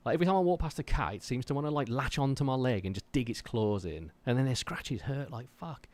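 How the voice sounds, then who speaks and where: A man's voice: mid-range voice, animated, fast, a little mellow. A man from Wolverhampton with a faint West Midlands accent, chatting casually with viewers on a livestream from his home drum room in a jokey, self-deprecating way. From Wolverhampton, England. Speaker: drummer streaming his practice.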